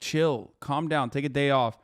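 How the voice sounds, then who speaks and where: A man in his thirties giving casual live-stream commentary, blunt, mocking and profane, talking fast in bursts. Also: medium pitch, smooth, no room sound, studio quality. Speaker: political streamer.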